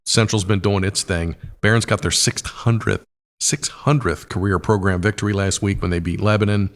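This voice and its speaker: A man with a hoarse, raspy voice, hosting a casual sports podcast with quick picks, lots of fillers and exclamations of wow. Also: on the low side, steady tone.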